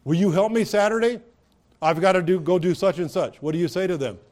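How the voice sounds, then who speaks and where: Brisk and pitched high with a darkish tone, the pastor delivers his sermon like a conversation. Rhetorical questions lead him up to forceful, emphatic peaks.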